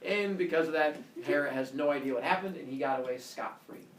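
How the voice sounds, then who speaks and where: Male teacher, playful classroom storyteller, fairly high voice; distant echoey classroom, faint noise. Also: brisk.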